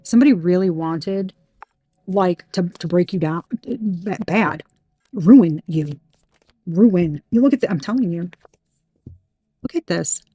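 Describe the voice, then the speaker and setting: A woman's voice: on the low side, unhurried, mellow, breathy edge, no room sound. Heated, emphatic woman tarot reader. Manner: emphatic and heated, swearing freely. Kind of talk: tarot reading monologue.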